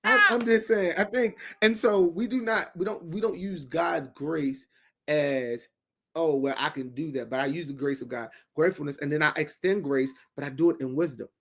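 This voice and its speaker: A man's voice: on the high side, moderate pace, creaky, fairly bright tone. Emphatic preachy man. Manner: preachy and emphatic, acts out quoted voices. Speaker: talk show guest. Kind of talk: preachy casual talk.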